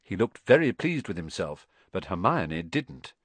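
A man narrating an audiobook in an expressive storytelling manner. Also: sits low, measured pace, no echo.

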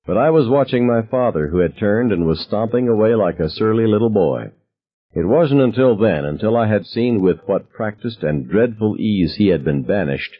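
Narrating an audiobook in the first person, a man with a low, husky voice tells his story in a wry, reflective way. The recording is dull and lo-fi.

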